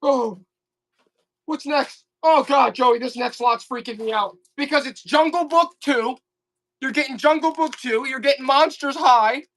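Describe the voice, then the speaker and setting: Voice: unhurried, a bit bright. A live online auction seller doing comic, exasperated hype, repeating offers and pleading with the audience. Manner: repetitive, urgent pitch talk. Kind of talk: live selling stream patter.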